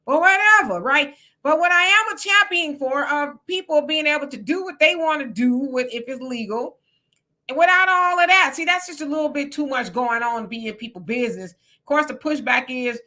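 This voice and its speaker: A woman's voice: sits high, a little fast. A woman hosting a live stream, chatting casually, reading viewer comments aloud and laughing often. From Texas. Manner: animated, laughs often, greets viewers by name.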